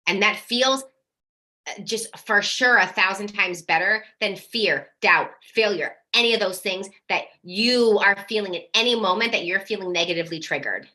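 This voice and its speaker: A woman's voice: mid-range voice, normal speed. A woman coaching parents in a live workshop, talking directly and energetically, now and then acting out their worried questions. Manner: energetic, direct, casual swearing.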